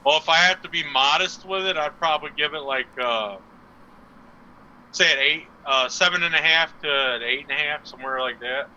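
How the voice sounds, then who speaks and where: A man's voice: fairly high pitch, normal speed, bright, forceful tone, highs cut off, slight background noise. A man co-hosting a live stream show, telling crude stories with a lot of swearing and laughter. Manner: profane, laughing, storytelling. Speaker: co-host. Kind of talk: crude casual chat.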